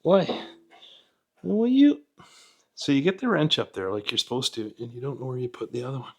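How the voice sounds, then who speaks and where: Talking fast in an expressive, medium-pitched voice, a middle-aged Canadian mechanic rambles and cracks jokes at his own expense. He mutters through a repair under an old vehicle in his garage for a casual workshop vlog, recorded on a camera set up close by.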